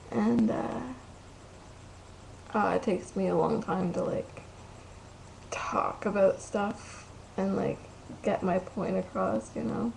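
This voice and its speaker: A woman's voice: medium pitch, vocal fry, a little mellow, slight background noise, low-quality recording. A tired young woman rambling and swearing through a story into her computer's webcam at home. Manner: rambling, loses track, crude swearing. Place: room at home.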